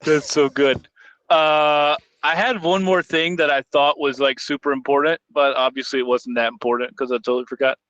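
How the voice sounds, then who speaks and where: A man chats as a podcast co-host, loose and joking as he tells his stories. His voice is bright and tense. The sound is dull and lo-fi. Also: a little high, fairly even intonation, normal speed. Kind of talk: casual chat.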